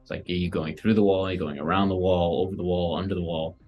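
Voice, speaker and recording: A man's voice: deep voice, fairly even intonation, fast, dull audio, faint music behind. A man co-hosting a tabletop game show, talking in a laid-back, reflective way over a video call. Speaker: podcast co-host. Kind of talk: casual chat.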